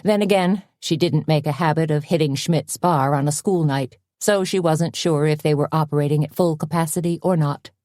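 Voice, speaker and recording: Low-voiced woman narrating a mystery. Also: normal speed, hardly any pauses, mellow, dry recording, clean studio sound. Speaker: audiobook narrator. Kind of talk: scripted narration.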